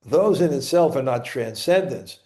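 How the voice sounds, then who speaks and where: A spiritual teacher with a Brooklyn accent leads a scripture class, his medium-pitched, dark voice full of lively intonation. He halts constantly, repeating words and starting sentences over.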